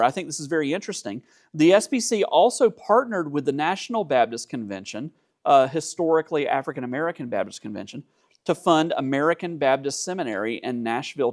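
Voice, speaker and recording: Gravelly-voiced man lecturing on church history. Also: a little high. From Georgia. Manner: conversational, dry asides, frequent "uh" fillers. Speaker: teacher.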